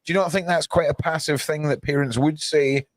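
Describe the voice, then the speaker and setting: A man's voice: fairly high pitch, fairly even intonation, fairly quick. A man co-hosting a podcast, chatting casually with hesitant, filler-heavy questions. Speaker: podcast co-host.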